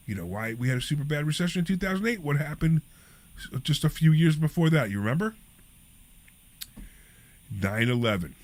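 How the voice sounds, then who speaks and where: A man hosting a talk radio show about money, talking casually in a rambling, emphatic way and repeating himself. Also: medium pitch.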